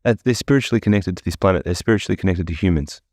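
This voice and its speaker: A man hosting a podcast, rambling and swearing freely in a casual chat while high on edibles. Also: very fast, darkish tone, dry recording, clean studio sound. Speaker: podcast host.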